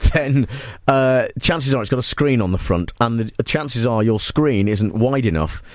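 A man's voice: mid-range voice, animated, unhurried, dry recording. A man presenting a talk radio show, bantering playfully and laughing often in the studio.

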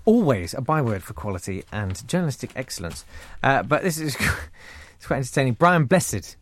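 A man hosting a radio show, chatting casually and jokily, quick to slip into funny voices. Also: mid-range voice, a little hiss or hum. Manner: animated, jokey, slips into voices. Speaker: radio host. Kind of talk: casual chat.

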